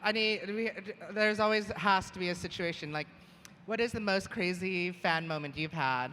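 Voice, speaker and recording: Bright-voiced woman interviewer in a hall. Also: on the low side, normal speed, slight background noise. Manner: brief prompting questions. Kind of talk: casual chat on stage. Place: convention stage. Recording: roomy hall with faint ambience.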